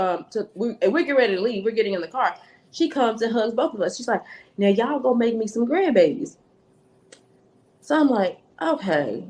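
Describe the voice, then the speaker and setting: Podcast guest, woman, animated storyteller, acts out quoted lines, mid pitch. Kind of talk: storytelling, casual chat.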